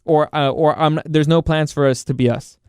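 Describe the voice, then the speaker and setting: A man plays a calm team owner giving a measured press answer, hesitating now and then. The voice sits high and smooth, and the sound is close and dry. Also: no room sound, natural voice.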